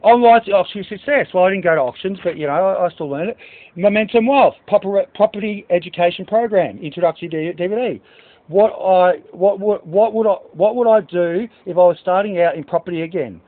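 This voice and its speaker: Agitated high-voiced man. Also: a little fast. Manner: angry, rambling, swears; reads out list of book titles. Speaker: speaker addressing staff. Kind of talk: agitated monologue. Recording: tinny phone-like recording.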